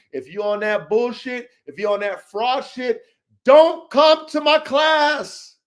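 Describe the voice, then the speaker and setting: A man with a strikingly high-pitched voice hosts his own show about working dogs and vents at his viewers. He curses constantly and swings between muttered asides and heated shouting. He often stumbles and repeats himself mid-thought. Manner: repeats and trails off into restarts. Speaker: podcast host and dog breeder. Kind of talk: rant to viewers.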